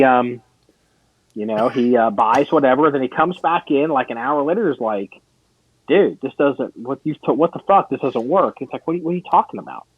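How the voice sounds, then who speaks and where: A man's voice: mid-range voice, breathy edge, no echo, phone-quality sound. A man co-hosting a podcast, telling long rambling stories in casual chat with many restarts and some swearing. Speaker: podcast co-host.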